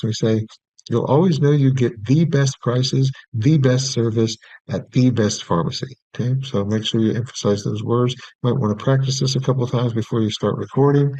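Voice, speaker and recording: A man teaching audio production, explaining each step in a relaxed way and checking in with "okay". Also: mid-range voice, dry recording. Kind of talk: screen-recorded software tutorial. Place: small room at his desk. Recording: dry, dull lo-fi recording.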